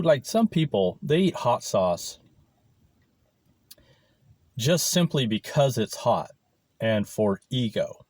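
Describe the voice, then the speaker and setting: A man's voice: medium pitch, big pitch swings, slow, pauses often, darkish tone, no room sound. A man vlogging casually while he eats lunch, rambling and swearing freely, recorded without his clip-on mic. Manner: rambling, profane, swears often. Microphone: camera mic, no clip-on mic.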